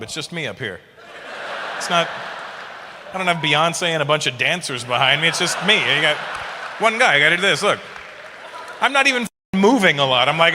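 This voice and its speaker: A middle-aged male comedian working the room at a live show, brash and teasing, cursing freely. His voice sits a little high for a man, over a loud crowd and clear room noise. Audience laughter carries throughout. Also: long reverb tail. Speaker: stand-up comedian. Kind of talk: stand-up crowd work.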